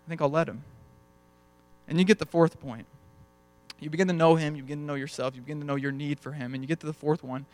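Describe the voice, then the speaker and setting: A young man preaches in a relaxed, storytelling way, slipping into little snippets of dialogue as he goes. His voice sits a bit higher than most men's, and the sound is dry and close, with no room echo. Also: quick pace. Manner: conversational storytelling, acts out dialogue. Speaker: pastor. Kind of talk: sermon.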